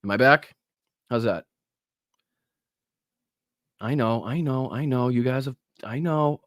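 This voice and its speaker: A man's voice: medium pitch, takes it slowly, no room sound, clean studio sound. A man with a Boston accent hosting a live podcast, energetically greeting viewers in the chat. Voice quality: energetic, shout-outs to viewers. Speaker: podcast host.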